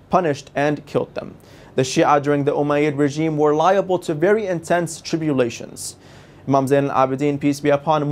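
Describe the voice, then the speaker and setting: A man's voice: fairly high pitch, a little mellow. Formal, reverent man with a raised voice. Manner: formal, measured, reverent delivery. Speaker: presenter of a religious TV series. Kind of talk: scripted religious lecture.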